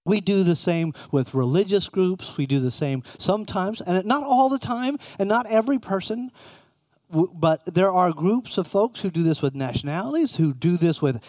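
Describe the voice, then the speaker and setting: A man's voice: sits high, animated, normal speed, darkish tone, no room sound, studio quality. A middle-aged man preaching a conversational sermon, often putting questions to his listeners. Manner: conversational, asks the room questions.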